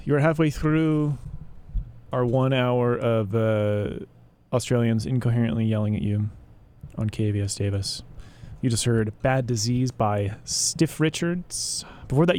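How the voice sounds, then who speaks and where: A man's voice: medium pitch, darkish tone. A man co-hosting a college radio show, reading back the playlist and chatting in a laid-back, rambling way. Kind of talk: casual radio chat.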